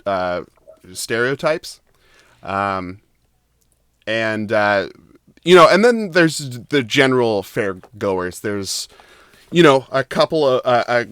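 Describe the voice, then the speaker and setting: A man's voice: medium pitch, fairly bright tone, smooth, dry recording, clean studio sound. A man narrating as game master of a tabletop game, rambling with lots of fillers.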